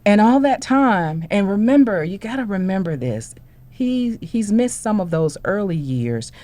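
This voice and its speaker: A woman's voice: medium pitch, a little slow. A woman on a discussion panel, telling a personal story as a parent and acting out the voices of the people in it. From Houston, Texas. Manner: animated storytelling, acts out dialogue.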